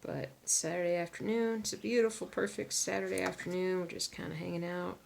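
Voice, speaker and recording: A woman chatting casually to viewers while she stitches. She sounds tired, talks to herself, and drops into soft muttered asides. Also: on the low side, level tone, a little fast, gravelly, a little hiss or hum. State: tired and yawning. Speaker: crafting vlogger.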